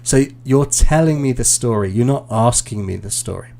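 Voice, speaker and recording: A British man, an IELTS teacher, giving relaxed, explanatory feedback in a live online class, with plenty of ums and uhs. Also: medium pitch, normal speed, gravelly.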